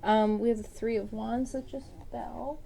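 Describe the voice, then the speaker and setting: A woman's voice: fairly high pitch, steady tone, a little slow, creaky, dark tone, slight background noise. A woman giving a casual tarot reading, rambling with lots of "um" and "like". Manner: rambling, many fillers like "um" and "like". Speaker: tarot reader.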